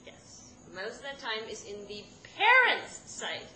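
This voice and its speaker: A woman telling a personal story live, animated and often laughing mid-sentence as she restarts her words. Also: fairly high pitch, unhurried. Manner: animated, self-interrupting, laughing through lines. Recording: echoey room with background noise.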